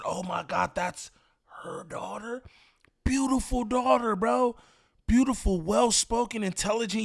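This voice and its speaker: A man hosting a commentary channel, talking in an animated, rambling, slangy way with lots of repeats. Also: a little high. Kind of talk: casual reaction commentary.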